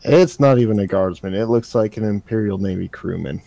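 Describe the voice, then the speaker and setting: A man runs a tabletop game and narrates it in a laid-back, joking way. His voice is gravelly and mellow. The sound is dry and close. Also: on the low side, a little fast, no echo. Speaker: game master.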